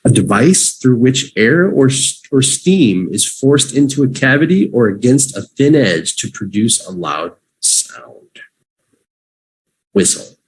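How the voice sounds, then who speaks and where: A man teaching English vocabulary on a livestream, repeating each word slowly for learners to say with him. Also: medium pitch, very animated, breathy edge. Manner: slow, drawn-out repetition for learners.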